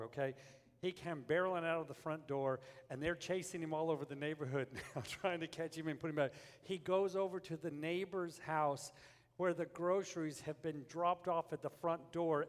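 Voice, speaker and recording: An older male preacher telling a story from the pulpit with a slightly high voice. His words ring out with a long echo through a big sanctuary. He moves from easy storytelling to forceful preaching. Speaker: pastor. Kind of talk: sermon.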